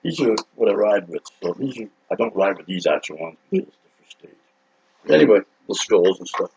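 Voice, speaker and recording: Gravelly man rambling through a rowdy story. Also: fairly low pitch, moderate pace, lo-fi sound. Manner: excitable, profane, acts out quotes loudly. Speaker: rock singer telling a story.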